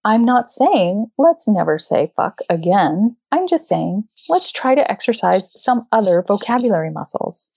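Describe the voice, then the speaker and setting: A woman in her thirties or forties telling a personal story and talking it through, animated and acting out quotes with sudden jumps in pitch. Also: unhurried, vocal fry, few pauses, breathy edge, no room sound. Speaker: speaker.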